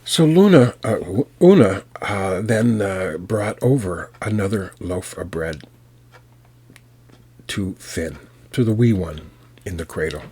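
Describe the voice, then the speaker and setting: An American man working as a storyteller, telling a folk tale in an unhurried, folksy way with fillers and restarts. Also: low voice, expressive, mellow, husky. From United States.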